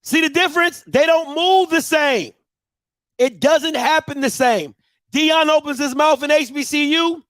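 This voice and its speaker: High-voiced emphatic male talk host. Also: a little slow, fairly bright tone, dry recording, studio quality. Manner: emphatic and repetitive, with slang. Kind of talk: live talk show commentary.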